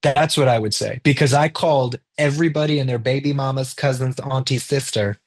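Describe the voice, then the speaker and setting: Husky man telling a story casually. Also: mid-range voice, brisk. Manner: animated storyteller acting out quoted dialogue, swears freely. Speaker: interview guest, rapper and director.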